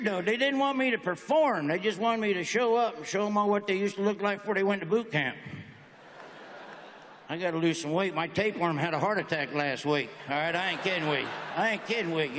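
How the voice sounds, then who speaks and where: A man's voice: sits high, fairly bright tone. A man in his forties doing a stand-up comedy routine with folksy, punchy joke delivery in a large auditorium. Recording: echoey hall with faint noise.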